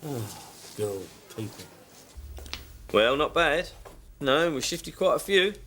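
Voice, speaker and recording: A man's voice: on the high side, big pitch swings, takes it slowly, a bit bright, slight background noise. A man in a sitcom, blunt and self-absorbed, grumbling about fame and his work. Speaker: cartoon voice actor. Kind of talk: sitcom acting.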